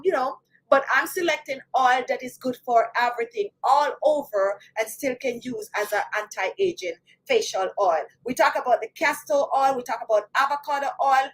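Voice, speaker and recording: A woman with a Jamaican accent talks casually and animatedly, speaking straight to her audience. Her voice sits high. She keeps turning to the viewers and asking them to chime in. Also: rough recording. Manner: chatty, animated, addresses viewers directly. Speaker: beauty channel host. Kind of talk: casual talk to camera.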